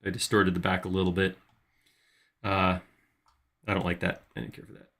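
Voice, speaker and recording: A man's voice: low-pitched, level tone, moderate pace, fairly bright tone. A man hosting a live 3D modeling tutorial, casually thinking aloud as he works. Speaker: host modeling in 3D software.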